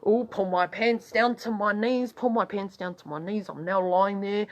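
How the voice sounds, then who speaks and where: A woman's voice: medium pitch, moderate pace, hardly any pauses. A woman with a New Zealand accent telling a crude story in a casual vlog, swearing constantly and rambling, her voice jumping up when she gets worked up. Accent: New Zealand English. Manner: heavy swearing, blunt and rambling; animated, voice jumps up when excited. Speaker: vlogger.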